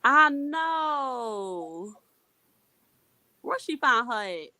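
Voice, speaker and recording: A woman's voice: on the high side, sing-song, very slow, bright, forceful tone. A woman co-hosting a livestream commentary, casual and agreeable.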